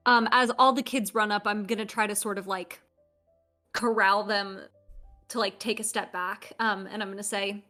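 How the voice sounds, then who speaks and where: A woman's voice: medium pitch, steady tone, normal speed, pushed and bright, faint music behind. Casual woman playing a tabletop game. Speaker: player.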